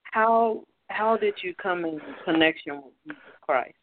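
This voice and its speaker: A woman's voice: on the low side, a little slow, slight background noise. A woman hosting a Christian radio interview, affirming her guest with frequent amens and praise. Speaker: radio host. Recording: thin, phone-like line.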